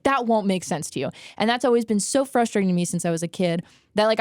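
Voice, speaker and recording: A young woman co-hosting a podcast, racing through her thoughts at a quick clip. She animates stories by acting out what she used to think, in quoted voices. Recorded in a dry, dead studio room on a close podcast mic. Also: mid-range voice, dry recording. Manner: fast, animated, acts out her own past thoughts in quotes. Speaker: podcast co-host. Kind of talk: casual podcast chat.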